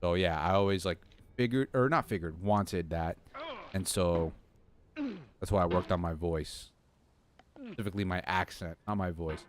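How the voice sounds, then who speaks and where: This young man streams a game from his home desk, rambling and making fun of himself as he talks to his viewers in chat. His voice is low, his pace moderate, and he pauses often over slight background noise.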